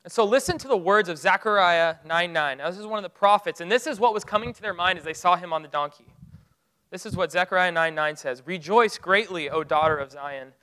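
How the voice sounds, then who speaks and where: A man preaching a sermon, retelling a Bible story with rising excitement and dropping to hushed, solemn tones. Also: sits high, fast, clean tone, poor audio. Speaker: pastor.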